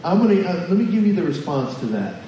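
A man's voice: sits high, very animated, quick pace, warm tone, slight background noise. A man preaching a sermon as pastor, talking conversationally and putting questions to the congregation. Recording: echoey hall from far off.

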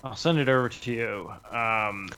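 A man's voice: mid-range voice, a little slow, pushed and bright, slight background noise. A man hosting a casual podcast chat, friendly and easygoing. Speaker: podcast host.

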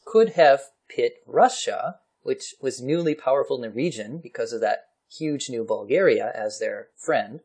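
A man casually explaining history on a podcast, chatty and quick to laugh. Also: medium pitch, expressive, a little mellow, husky. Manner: chatty, laughs often, slips into playful voices for historical figures.

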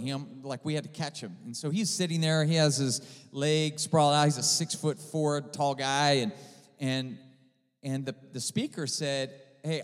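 A man preaching a sermon as pastor, telling a story with swings from loud to hushed. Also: a little high. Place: church sanctuary. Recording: church hall reverb.

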